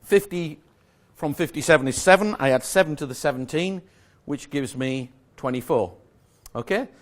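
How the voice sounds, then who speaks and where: Man, slightly high voice, magic lecturer, chatty, self-correcting, jokey asides. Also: moderate pace. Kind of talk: live lecture explaining a routine. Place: lecture room with a live audience.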